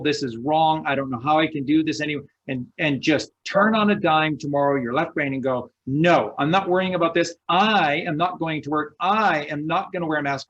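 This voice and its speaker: A man speaking with fervor, piling up repeated words of praise and exhortation. His voice sits fairly high for a man. The sound comes over a muffled, lo-fi call line. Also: fairly bright tone. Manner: preachy, repetitive encouragement. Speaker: show co-host. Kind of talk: impassioned conversational speech.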